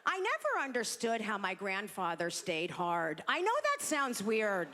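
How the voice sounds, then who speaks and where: Brash, animated woman comic on stage. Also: medium pitch, a little slow, long reverb tail. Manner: brash, self-deprecating, animated. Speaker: stand-up comedian. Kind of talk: stand-up comedy set. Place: comedy stage.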